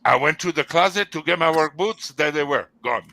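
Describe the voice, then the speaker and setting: A man hosting a casual livestream chat, loud and joking, swearing freely. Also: a little high, a little fast. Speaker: livestream host.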